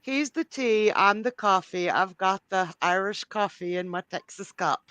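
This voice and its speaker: A woman co-hosting a casual live stream in a lively, giggly way, reading viewer comments aloud. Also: mid-range voice, unhurried, dry recording.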